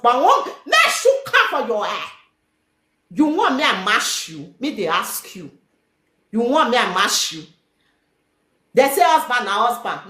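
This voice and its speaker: A woman with a Nigerian Pidgin accent, high-pitched with a wildly swinging voice. She scolds and rants with heat, and her voice rises to shouts. The sound is echoey, as if from a bare room. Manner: animated, scolding, shouting at times. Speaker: guest telling her story. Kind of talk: heated live-stream talk.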